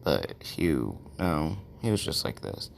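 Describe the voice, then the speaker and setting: Deep gravelly man rambling a fan story. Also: sing-song, takes it slowly. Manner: rambling, checks in with "right?". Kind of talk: casual fan-fiction storytelling.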